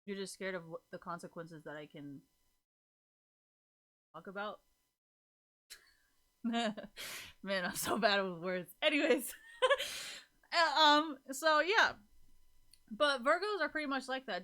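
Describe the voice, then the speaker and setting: Casual streamer woman, bright tone, giggly, swears a lot. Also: mid-range voice, moderate pace, long pauses. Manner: laughs often, swears freely, rambling. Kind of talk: casual chat.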